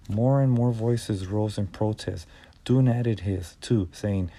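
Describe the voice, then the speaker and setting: Low-voiced man narrating an audiobook. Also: mellow. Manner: measured reading with small stumbles and restarts.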